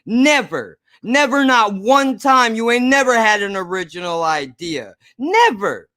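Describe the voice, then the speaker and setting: A man's voice: high-pitched, very animated, a little slow, pushed and bright, no room sound, clean studio sound. A man ranting angrily to camera in a video blog, profane, sarcastic and repetitive. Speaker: YouTube creator. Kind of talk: angry ranting vlog to camera.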